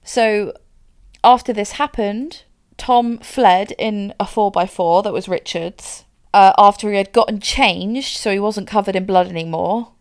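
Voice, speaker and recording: A woman recounts a crime case to a friend on a podcast. Her voice is smooth and clear, her delivery chatty and loose, full of "like" and "so". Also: mid-range voice, a little slow. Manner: chatty, frequent "like" and "so", laughs easily. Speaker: podcast co-host. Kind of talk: casual true-crime storytelling.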